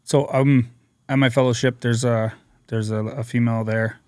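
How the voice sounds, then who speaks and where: A man telling his recovery story as a podcast guest, earnest and energetic, acting out what people said. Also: mid-range voice, normal speed, clean tone, no room sound. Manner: energetic, earnest storyteller who acts out quotes. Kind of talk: personal storytelling interview.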